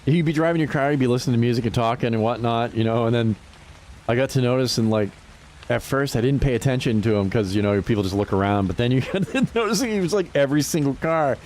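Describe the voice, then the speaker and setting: Animated swearing New guy. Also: mid-range voice, quick pace. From New Hampshire. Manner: animated storytelling, swears freely, laughs often. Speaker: livestreamer. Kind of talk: casual chat while gaming.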